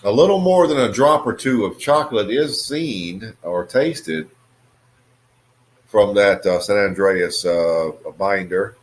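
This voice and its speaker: A man casually reviewing a cigar on his video channel, in a relaxed, musing way with many fillers. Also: fairly low pitch, slow pace.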